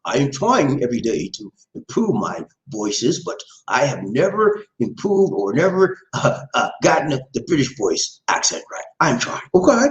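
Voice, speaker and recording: A man's voice: medium pitch, sing-song, normal speed, hardly any pauses. A man hosting a live stream, reading viewer comments and commenting on the news in a rambling, emphatic way, repeating his phrases and calling listeners "man". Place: lives in the Philippines. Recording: echoey room.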